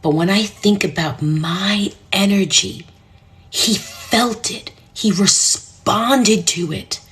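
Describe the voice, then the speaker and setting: A middle-aged woman, a numerologist telling an emotional personal story to live viewers, intense and earnest, dropping at times to a soft whisper. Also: mid-range voice, slow. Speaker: numerologist hosting a live stream.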